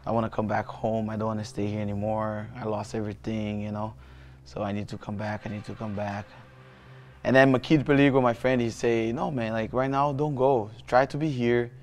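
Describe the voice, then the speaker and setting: A man in his thirties with a Brazilian Portuguese accent tells a personal story in an interview, halting and restarting, with many fillers. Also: on the low side, steady tone. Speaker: jiu-jitsu athlete.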